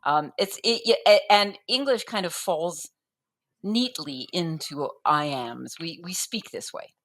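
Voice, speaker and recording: A woman with a low, fairly bright voice explains poetic form as a guest, speaking slowly and expressively in a conversational way. She's thoughtful, often restarting and using fillers, and taps out rhythms aloud like "da-dum."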